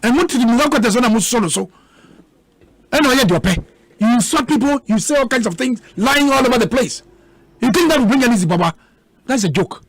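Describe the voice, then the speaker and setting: A man's voice: extremely high pitch, lively intonation, brisk, dry recording. A man with a Ghanaian accent, arguing heatedly as a guest in a radio debate, combative and repeating words for emphasis.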